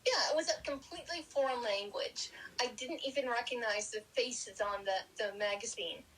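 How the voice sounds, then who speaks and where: A woman guest on a podcast interview, retelling personal experiences in a lively, animated way. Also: on the high side, normal speed, crowd noise, low-quality recording.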